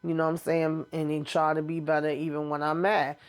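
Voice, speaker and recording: Flat-toned woman recapping a TV episode. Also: deep voice, a little fast. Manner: chatty retelling with frequent mild cursing; addresses viewers directly. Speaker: TV recap host.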